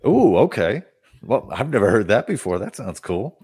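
A man's voice: fairly low pitch, animated, fairly quick, slightly rough, dry recording, clean studio sound. A man hosting a live podcast interview, talking casually with a stuffy, nasal cold and many fillers. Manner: chatty, apologetic, hesitant with fillers. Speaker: podcast host.

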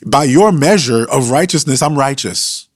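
A man voices a suffering character who earnestly protests his innocence, using a mid-range, expressive voice at normal speed. It is pitched above his own voice yet close to an everyday voice, in a dry, studio-quality recording.

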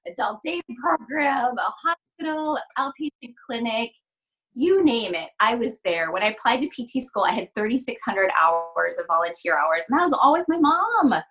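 This podcast guest is a middle-aged woman who runs her own physical therapy practice, and her mid-range voice has a fairly bright tone. Recounting an emotional story from her life, she acts out the dialogue earnestly, with frequent fillers and restarts, over low-quality audio.

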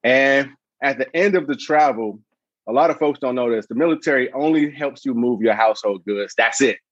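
Man, 30s, podcast guest. Lively storyteller who mimics voices, mid-pitched, dry, slightly dull sound. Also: moderate pace, no echo. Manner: animated, acts out voices in anecdotes. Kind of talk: casual storytelling.

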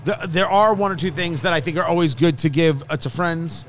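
A man's voice: fairly high pitch, fairly quick, slight background noise. Joking, teasing male show host. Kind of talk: casual banter on a food and drink show.

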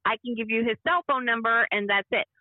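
A woman's voice: fairly high pitch, a little fast, no room sound. A woman in her fifties, an interview guest giving an emphatic personal account and acting out the dialogue she quotes. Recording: tinny phone-line sound.

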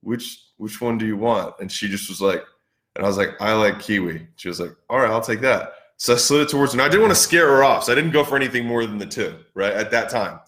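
A man's voice: fairly low pitch, animated, fast talker, fairly bright tone, echoey room. Rambling man acting out old sales talks. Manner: rambling, filler-heavy, acts out past dialogue. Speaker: podcast host. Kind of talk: casual business talk.

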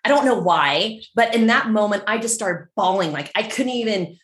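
A middle-aged woman from San Francisco, telling a story as a podcast guest in a chatty, animated way full of fillers. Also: mid-range voice, normal speed, echoey room. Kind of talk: casual storytelling.

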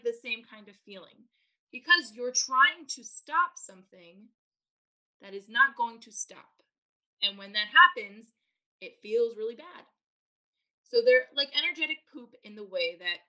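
A woman's voice: on the high side, rough recording. A woman parenting coach explaining ideas in a podcast interview, acting out what parents think and say. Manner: animated, acts out parents' inner voices.

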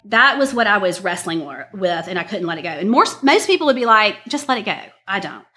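A woman's voice: mid-range voice, very animated, fairly quick, sharp tone. Woman, earnest conversational testimony, chatty with fillers. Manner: chatty and earnest, many fillers, says y'all. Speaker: guest sharing a personal story. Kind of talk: personal testimony talk.

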